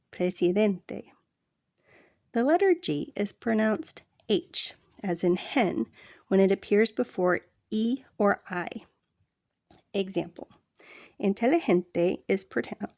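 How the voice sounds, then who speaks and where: A woman reading a language textbook aloud as a read-along lesson, slow and deliberate, with casual asides to the listener. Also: mid-range voice, vocal fry, darkish tone, no room sound, studio quality.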